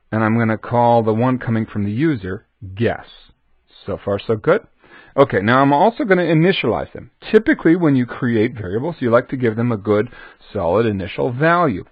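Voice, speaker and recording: A man's voice: mid-range voice, husky, no echo. A man teaching a programming lesson, chatting to the viewer and answering his own questions. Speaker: programming instructor. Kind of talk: screen-recorded coding lesson. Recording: dull dry lo-fi recording.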